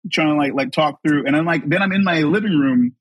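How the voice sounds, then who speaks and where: A man guest on a podcast, telling a story in casual chat, animated and laughing often as he acts out the people in it. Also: on the high side, a little fast, no echo.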